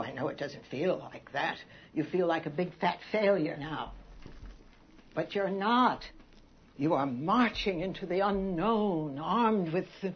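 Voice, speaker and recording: Brief: an elderly, gentle shop employee, low, very unhurried voice, dull lo-fi film clip. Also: female voice, a little hiss or hum. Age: older. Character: elderly kindly woman shop employee, comforting. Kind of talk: film dialogue.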